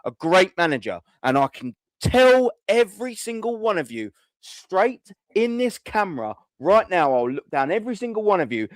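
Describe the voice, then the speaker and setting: A man's voice: high voice, big pitch swings, moderate pace, few pauses, no echo. A man, hosting a fan call-in show and ranting furiously, swearing and repeating himself. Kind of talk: angry fan rant.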